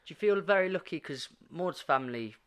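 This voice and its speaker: A young man chatting on a podcast, telling animated stories, laughing often and mimicking voices. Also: on the high side, brisk, clean tone. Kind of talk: casual podcast chat.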